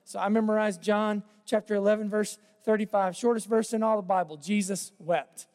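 A man preaching a sermon in a conversational way, repeating phrases and letting his voice drop softly at the ends of lines. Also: high voice, level tone, a little fast, clean tone, big-room sound. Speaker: pastor.

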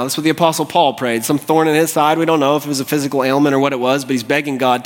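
A man's voice: mid-range voice, level tone, fast talker, hardly any pauses. A male pastor preaching a sermon, impassioned and rising to fervent pleading. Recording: long hall reverb.

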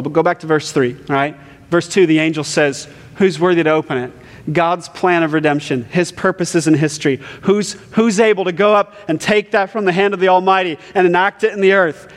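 Male preacher, high voice, chatty sermon style, long hall reverb. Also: moderate pace. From Ohio, US Midwest. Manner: conversational preacher, often adds "right?". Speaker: pastor.

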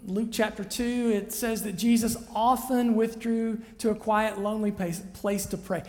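Chatty pastor preaching in a reverberant hall. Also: male voice, sits high, a little mellow. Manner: chatty, checks in with listeners by asking "right?". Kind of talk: conversational sermon. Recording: long reverb of a large hall.

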